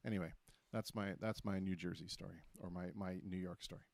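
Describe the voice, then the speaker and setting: A man's voice: low voice, steady tone, creaky, darkish tone, no echo. A man hosting a casual talk show, telling stories in a chatty, joking way with lots of restarts. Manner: chatty storyteller, quick and jokey with many restarts. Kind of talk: casual chat.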